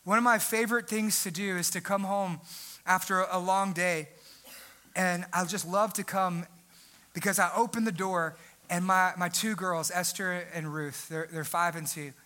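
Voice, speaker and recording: A man in his thirties preaching a sermon as pastor in a church sanctuary, building to fervent prayer while a band plays. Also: sits high. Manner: preaching over live worship music, rising to fervent prayer. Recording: loud live band music behind voice. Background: band playing.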